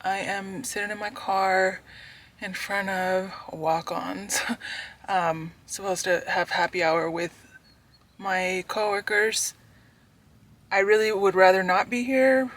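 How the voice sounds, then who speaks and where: Bright-voiced exasperated woman. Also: fairly low pitch. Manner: exasperated, profane, emphatic. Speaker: book vlogger. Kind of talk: casual ranting book review.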